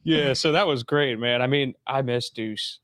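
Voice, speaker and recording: A young adult man hosting a casual sports talk show, animated and quick to jump into high voices. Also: no echo, studio quality. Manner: animated, jumps into high voices when quoting. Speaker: podcast host.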